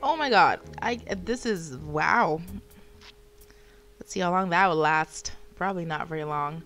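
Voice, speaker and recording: A woman's voice: low voice, a little slow, a bit bright, faint music behind. A woman livestreaming a game, chatting casually and exclaiming when startled. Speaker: streamer. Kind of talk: casual gameplay livestream chat.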